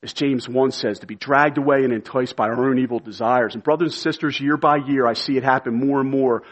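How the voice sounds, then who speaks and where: A pastor preaching a sermon with earnest conviction, building to emphatic, shouted appeals. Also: male voice, medium pitch, fairly even intonation, fairly quick.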